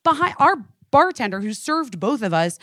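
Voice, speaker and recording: A young woman tells a story in relaxed chat, swearing freely and throwing herself into the voices of the people she quotes. Her voice sits a little high. The sound is close and dry, with no room around it. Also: normal speed, no echo. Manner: profane, animated, acts out quoted dialogue. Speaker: storyteller on a talk show.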